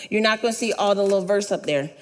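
A woman's voice: mid-range voice, fast talker. A woman preacher giving a sermon, telling a story and asking the audience to repeat words after her. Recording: echoey hall with long reverb.

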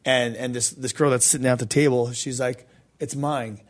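A man hosting a podcast, telling a faith story in a loose, animated, slangy way with many fillers. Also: mid-range voice, a little fast. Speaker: podcast host. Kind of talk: casual storytelling testimony.

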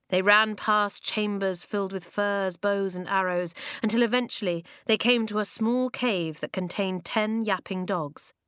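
A woman narrating a children's novel in an even, expressive storytelling manner. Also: on the low side, dry recording, clean studio sound. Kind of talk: audiobook reading of a children's novel.

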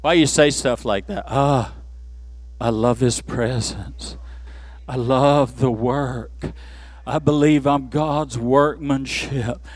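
A man preaching a sermon in church, swinging from low murmurs to shouted peaks with playful asides. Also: steady tone, slow pace, dry recording. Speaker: pastor.

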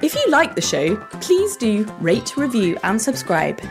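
A woman hosting a children's show, her voice rising and falling a lot as she explains things to young listeners. She reads a script at a measured, animated pace. Soft music plays clearly behind her. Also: medium pitch. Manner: bright, animated, explaining things slowly for kids. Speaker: children's podcast host.

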